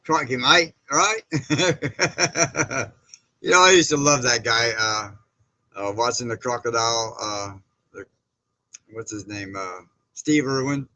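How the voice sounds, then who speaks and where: Bright-voiced man chatting on a livestream. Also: medium pitch, normal speed, poor audio. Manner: chatty, greets viewers and reads chat comments aloud; rambling with frequent fillers and restarts. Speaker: livestream host. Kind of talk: casual live-stream chat.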